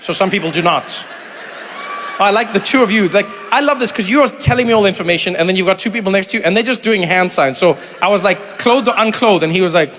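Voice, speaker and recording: High, bright-toned animated stand-up comedian. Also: male voice, quick pace, big-room sound, some chatter behind, slight background noise. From South Africa. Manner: animated, acts out voices, laughs along. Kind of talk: stand-up with crowd work. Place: comedy venue with a live audience.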